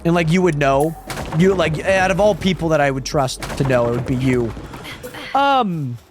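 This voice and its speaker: A man's voice: fairly high pitch, lively intonation, normal speed, noisy background. A man streaming a game live, chatting casually with viewers and reading their messages aloud, often repeating himself. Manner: chatty, reads chat aloud, trails off and repeats words. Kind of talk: casual live-stream chat while gaming.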